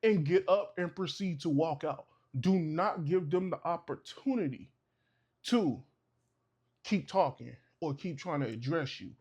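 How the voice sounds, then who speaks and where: A man's voice: on the high side, expressive, a little slow, darkish tone, husky. A man, talking casually to camera and giving advice, sometimes acting out short exchanges. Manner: conversational, preachy, acts out little exchanges. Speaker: vlogger.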